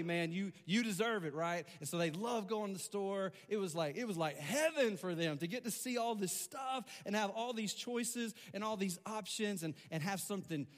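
A man pastor telling a personal story in a sermon, conversational and animated, with frequent repetitions. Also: a little high. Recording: long hall reverb.

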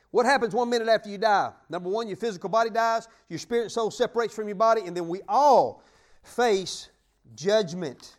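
A man preaching a sermon, exuberant and calling out questions and shouted praises to his congregation. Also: sits high, fairly quick.

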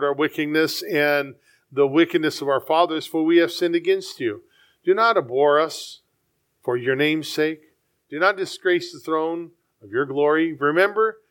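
High-voiced preacher man reading scripture. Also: fairly bright tone. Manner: rises in pitch for emphasis, repeats words, stumbles while reading.

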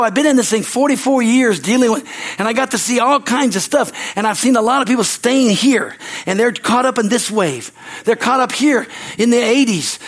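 An older man in his sixties preaching a sermon as pastor, folksy and repetitive, tossing "Amen?" to the congregation. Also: very high voice. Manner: folksy, tells anecdotes with laughter.

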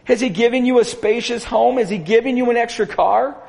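A man's voice: extremely high pitch, fairly quick, creaky, a little mellow. A male pastor preaching a sermon earnestly, asking his congregation rhetorical questions. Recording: long hall reverb.

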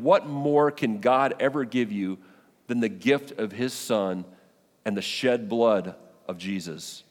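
A man preaching a sermon as a pastor, animated and exclamatory, acting out the people in the scripture. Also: lowish voice. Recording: long hall reverb.

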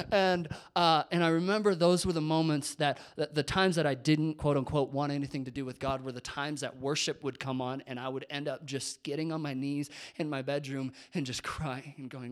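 A young man, a youth pastor, telling a personal faith story, animated, whispering when he quotes people and laughing at himself. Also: fairly high pitch, moderate pace.

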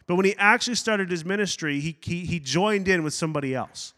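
A high, bright-toned man preaches a sermon in a church sanctuary, where his voice rings with a long reverb. He preaches with energy, breaks off for side notes and acts out quotes as he goes. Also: a little fast. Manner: animated preaching with asides and acted-out quotes. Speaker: pastor.

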